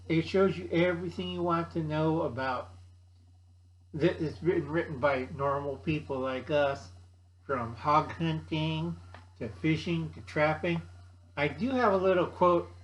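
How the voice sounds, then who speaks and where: A man in his sixties hosting a casual vlog, gruff and blunt, joking and acting out other people in a higher voice. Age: 60s. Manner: gruff, blunt, jokey, calls himself by name. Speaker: channel host. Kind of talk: casual rambling chat.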